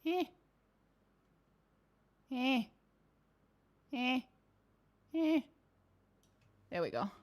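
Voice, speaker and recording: Streaming a game, a young woman chats casually with her viewers, swearing freely and growing frustrated. Her high voice swings widely in pitch, and she speaks extremely slowly with frequent pauses.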